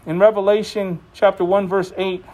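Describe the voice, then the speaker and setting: A man with a notably high voice preaches a sermon. He talks to the congregation in a relaxed, conversational way and slips jokes in between the scripture. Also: moderate pace. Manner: conversational and joking.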